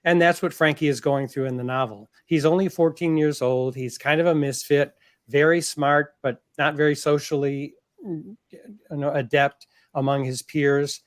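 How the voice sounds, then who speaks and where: A man, an author guest on a livestream, reading from his novel in a measured, earnest way and then chatting about it. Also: fairly high pitch, steady tone, no room sound, clean studio sound.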